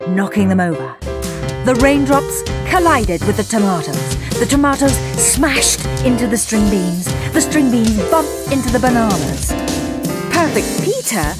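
A woman reading a children's story aloud with an expressive manner and voices for the characters. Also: fairly high pitch, measured pace, loud music behind the voice.

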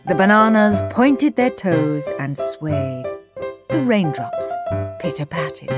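A woman reading a children's story aloud with an expressive manner and voices for the characters. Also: medium pitch.

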